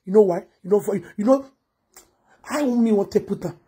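A Nigerian woman vlogger delivers a heated, scolding rant, circling back over the same points again and again. Her voice is very husky and rough, sitting at an ordinary middle pitch for a woman. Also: normal speed, warm tone. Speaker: blogger. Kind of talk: ranting commentary vlog.

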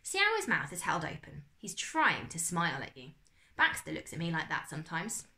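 A woman reading aloud and voicing a calm, earnest boy in a children's story, explaining things steadily. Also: deep voice, moderate pace, vocal fry, exaggerated voice. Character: calm, earnest boy who loves beetles.

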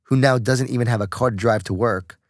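A man's voice: mid-range voice, fairly quick, no echo, studio quality, natural voice. A man voicing the accusing inner voice of a man's own conscience, blunt and reproachful.

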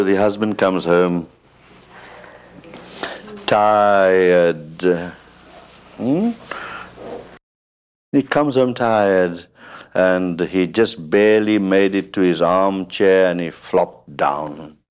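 An older man delivers a spiritual talk to a gathered audience in a very deep, low voice. He speaks slowly and unhurriedly, weaving humorous anecdotes and checking in with listeners through frequent questioning "hmm?" asides. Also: darkish tone, a little hiss or hum. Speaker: spiritual teacher.

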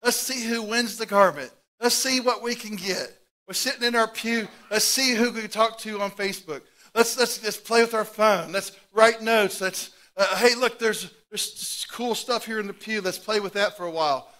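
A pastor voicing an impatient male Roman soldier who is pushy, loud and eager to go home. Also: high-pitched, moderate pace, pitched above the performer's own voice. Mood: distracted.

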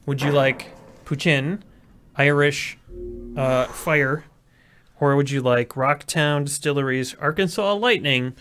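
A man's voice: on the high side, takes it slowly, a bit bright, faint music behind. Wisecracking man co-hosting a game stream. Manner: crude, wisecracking, plugs viewer offers. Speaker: let's-play co-host. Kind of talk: casual gaming chat.

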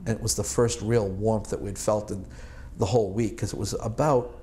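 A man's voice: lowish voice, fairly even intonation, moderate pace, a little mellow, a little hiss or hum. A man in his sixties from Boston, an Army veteran recalling his service in an oral history interview, rambling and chuckling with many fillers and restarts. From Boston, United States.

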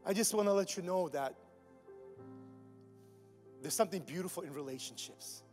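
High-pitched pastor preaching, goes from soft to shouting, echoey church w faint music. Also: male voice, normal speed. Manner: animated, swings from soft to shouting. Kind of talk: sermon. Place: church sanctuary.

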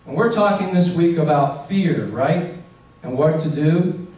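A male pastor delivers a slow, earnest sermon, stretching out the words he wants to land and putting questions straight to his listeners. His voice sits a little high for a man and has a mellow, soft-edged tone. He is heard from a distance in a very echoey church. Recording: echoey room, voice from far off.

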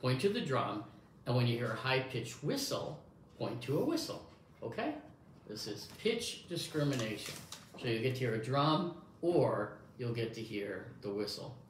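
A man runs a hearing test demonstration, talking to the listener encouragingly as though addressing a young child. His medium-pitched voice is very animated at normal speed, recorded in an echoey room with faint background noise.

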